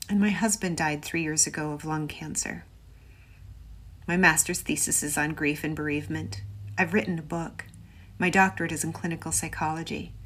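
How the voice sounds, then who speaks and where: A middle-aged woman, a clinical psychologist, telling a personal story to camera in a measured, pointed way. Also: lowish voice.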